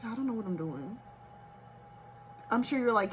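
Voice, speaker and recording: A woman's voice: on the high side, animated, a little slow, long pauses, a little hiss or hum. A woman chatting nervously to herself and her viewers in a casual home vlog. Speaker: beauty vlogger. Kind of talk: casual self-talk vlog. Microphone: camera set up nearby.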